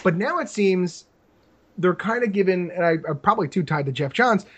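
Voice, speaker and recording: A man with a fairly high voice co-hosts a casual chat. He talks loosely and at length, dropping in lots of fillers as he explains a point. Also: lively intonation, moderate pace, a bit bright, slightly rough. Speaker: podcast co-host.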